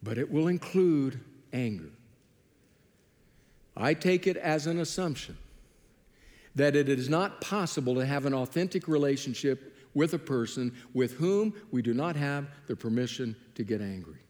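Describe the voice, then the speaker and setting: A man preaching a sermon, telling Bible stories with lively acted-out dialogue. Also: medium pitch, normal speed, big-room sound. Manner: animated storytelling, acting out biblical dialogue. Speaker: pastor.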